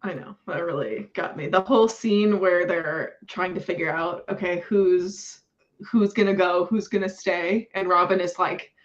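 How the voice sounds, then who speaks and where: A woman's voice: lowish voice, unhurried, muffled recording. A woman hosting a casual book discussion, gushing and heavy on fillers, laughing between lines. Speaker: book club host.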